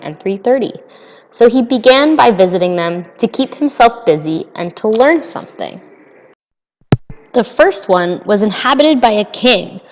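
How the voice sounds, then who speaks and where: A woman narrating a storybook audiobook in a measured, unhurried way. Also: medium pitch. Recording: long reverb.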